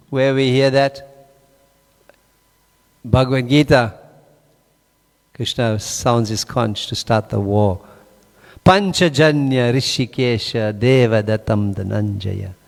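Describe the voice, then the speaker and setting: Man telling a scripture story in a reverberant hall. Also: mid-range voice. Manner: animated, questions the audience. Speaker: class speaker.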